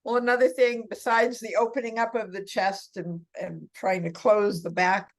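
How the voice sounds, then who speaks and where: A woman's voice: mid-range voice, moderate pace. Chatty laughing woman, older guest. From California. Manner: chatty, laughs often, animated storytelling. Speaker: guest, massage therapist for seniors. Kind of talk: casual interview chat.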